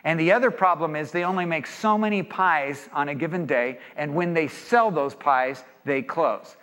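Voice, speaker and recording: A man from California speaking to an audience, an animated and jokey storyteller, in an echoey hall. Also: a little high, normal speed. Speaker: speaker leading a seminar or sermon. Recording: echoey hall with long reverb.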